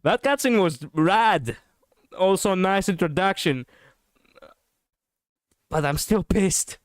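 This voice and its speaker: A man streaming a game, commenting casually in an excitable, profane, ranting way on a close mic. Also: high voice, slow, no echo.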